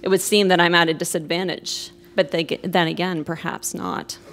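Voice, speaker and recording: A woman playing a calm, sinister evil lord. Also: moderate pace. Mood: calm menace. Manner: quiet, calm, lowered menacing voice. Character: evil scheming aristocrat lord, older man.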